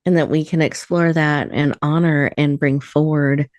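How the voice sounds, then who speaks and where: A woman host with a notably low voice, recorded dry and close with no room sound. She affirms her guest, thanks her often, and leads into the next question. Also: steady tone, normal speed, darkish tone, dry recording. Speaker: podcast host. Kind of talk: interview hosting.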